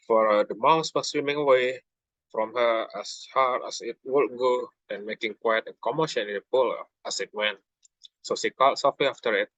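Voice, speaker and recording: Bright-voiced young man reading aloud. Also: mid-range voice, dry recording, muffled recording. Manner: halting, frequent slips and self-corrections. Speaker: student reader. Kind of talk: reading a children's book aloud.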